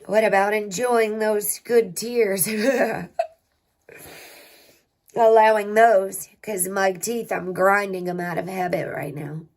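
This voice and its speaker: A woman hosting a spiritual healing livestream, talking slowly and reflectively with her viewers. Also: mid-range voice, steady tone. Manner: slow, reflective, talks to chat and to herself. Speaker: spiritual healing channel host.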